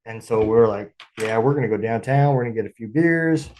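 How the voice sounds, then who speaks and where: A man hosts a relaxed interview, easygoing and quick to laugh with his guest. His voice is mellow and warm, sitting at an ordinary pitch. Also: a little hiss or hum. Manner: laid-back, laughs along often. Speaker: podcast host, veteran. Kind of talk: casual interview chat.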